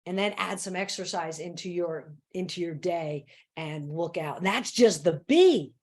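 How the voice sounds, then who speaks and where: A woman motivational speaker giving an energetic, playful talk on stress and acting out her own self-talk. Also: a little slow. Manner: lowers her voice for a mantra. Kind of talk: live online talk on stress.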